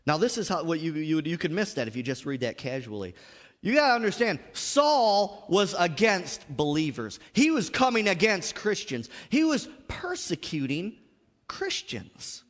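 A man's voice: high voice, big pitch swings, normal speed, in a large hall. A man preaching a sermon to a congregation, repeatedly calling out "Amen?" and asking the audience questions. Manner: call-and-response, frequent "Amen?" and "How many of you know". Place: church sanctuary.

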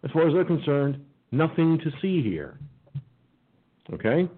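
Folksy, halting talk-show host, husky voice. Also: male voice, a little high, big pitch swings. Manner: folksy, halting, many restarts. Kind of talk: online talk radio hosting. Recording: phone-like lo-fi audio.

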